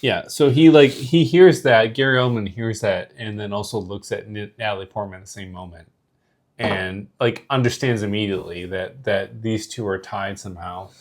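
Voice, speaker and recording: A man's voice: on the low side, moderate pace. A man co-hosting a podcast who chimes in to finish his partner's sentences during a casual film recap. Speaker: podcast co-host. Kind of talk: casual movie recap chat.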